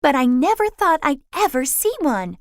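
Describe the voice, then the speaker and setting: An eager, bold young girl, excited and often hushed, with a raised, lively voice, as a woman puts her on. She sounds close and dry, like a storybook reading. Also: high voice, moderate pace, no echo, pitched above the performer's own voice.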